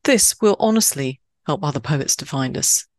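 A woman from Switzerland hosting a poetry podcast in scripted narration, stressing key words with sudden high leaps. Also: animated, normal speed, darkish tone, dry recording, clean studio sound.

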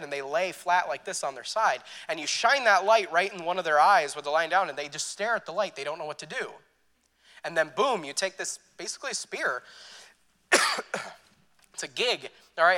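A man with a high, bright voice preaching a church sermon. He talks in a loose, chatty way, stumbling over fillers and restarting his sentences as he works through a story. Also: long reverb tail. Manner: conversational, many fillers and restarts, laughs at his own story.

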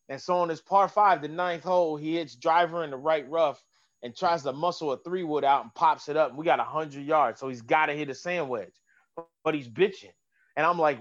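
A man, a golf caddy and comedian, telling stories in a casual chat, animated and swearing, acting out voices. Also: on the high side, a little fast, highs cut off. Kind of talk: casual podcast storytelling.

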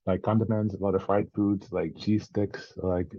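In a relaxed podcast interview, a Central Virginia man whose accent carries a slight French tinge laughs a lot and swears easily. He speaks in a deep, flat voice at a moderate pace, and the audio sounds muffled.

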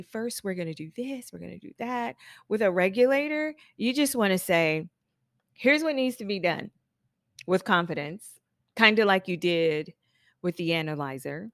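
Chatty woman with a lowish voice. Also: dry recording, clean studio sound. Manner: chatty, laughs often, acts out clients' lines. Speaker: business coach for hairstylists. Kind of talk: casual solo podcast talk.

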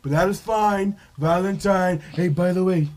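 A man's voice: high voice, fairly even intonation, unhurried, darkish tone. A man putting on the voice of a boastful older male politician, rambling and pompous. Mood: bragging. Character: bragging older male politician, self-satisfied.

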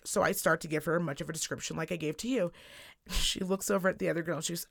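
A woman in her thirties co-hosting a casual podcast, telling a story in an animated, profane rant. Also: lowish voice, fast talker, creaky. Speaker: podcast co-host. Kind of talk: casual chat.

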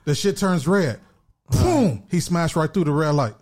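A man's voice: a little high, lively intonation, a little slow, a little mellow. A man hosting a casual podcast, laid-back and storytelling, acting out voices in his jokes. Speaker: podcast host.

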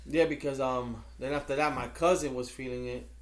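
A man co-hosting a podcast, telling stories in an animated casual chat and acting out what people said. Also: medium pitch, normal speed. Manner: animated storyteller who acts out quotes. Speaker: podcast co-host.

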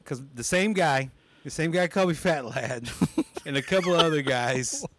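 A man's voice: on the high side, moderate pace, background noise. A young man, a comedian guest on a podcast, telling stories in a casual chat and laughing often as he talks. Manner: animated, laughs often while talking.

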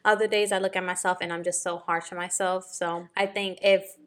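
A woman's voice: fairly low pitch, little pitch movement, a little fast. A woman in casual conversation, speaking earnestly and encouragingly, often repeating herself. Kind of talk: casual chat.

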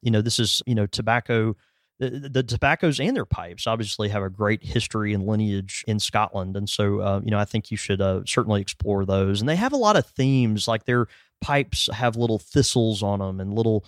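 A man's voice: lowish voice, brisk, no room sound, studio quality. A man hosting a podcast, explaining at length in a casual, rambling way full of fillers. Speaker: podcast host.

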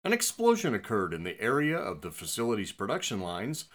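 Brash, swinging mock game show host. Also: male voice, fairly low pitch, huge pitch swings, fairly quick, fairly bright tone. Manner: crude, theatrical announcer swings. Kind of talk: mock game show hosting, casual banter.

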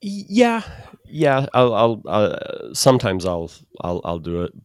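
Man, podcast co-host, halting casual talk, lowish voice, dry close sound. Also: animated, clear, resonant tone, dry recording. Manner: halting, with many restarts and fillers. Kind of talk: casual chat.

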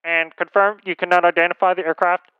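A man's voice: sits high, little pitch movement, a little fast, clean tone, muffled recording, natural voice. A man playing an air traffic controller with clipped, procedural radio phrasing, as a comedic dramatic reading. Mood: curt.

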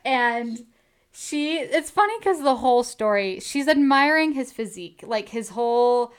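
A woman's voice: on the high side, animated, a little slow, clean tone. A woman co-hosting a casual chat, eagerly retelling a book's plot, laughing and acting out the quoted lines. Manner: chatty, laughs often, acts out quoted lines. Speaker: podcast co-host recapping a book.

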